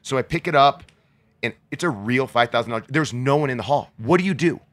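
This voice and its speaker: A man who is a guest on a podcast, telling stories in an excitable, animated way. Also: medium pitch, a little fast. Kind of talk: casual interview chat.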